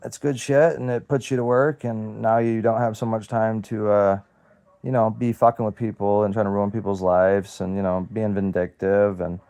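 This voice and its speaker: A man's voice: on the low side, little pitch movement, moderate pace, warm tone. A man in his thirties from the United States, ranting to camera, profane and sarcastic, often repeating himself and trailing off. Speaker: self-represented litigant. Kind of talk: angry direct-to-camera rant.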